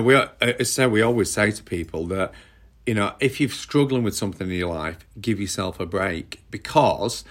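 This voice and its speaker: Earnest low-voiced man. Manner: earnest, repeats words when explaining. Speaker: co-host and workshop leader. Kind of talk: casual podcast chat.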